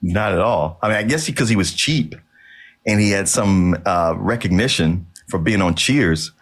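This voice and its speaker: Male co-host with a lively, swooping delivery, wry quips about a film. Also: low voice, normal speed. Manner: wry, laughing asides. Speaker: podcast co-host. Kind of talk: casual movie commentary.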